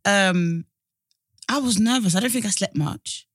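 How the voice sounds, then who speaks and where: A young woman with an Essex accent telling an animated story in casual chat, swearing and acting out what people said. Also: medium pitch, a little slow, slightly rough, dry recording, clean studio sound. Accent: Essex English. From Essex, England. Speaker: guest.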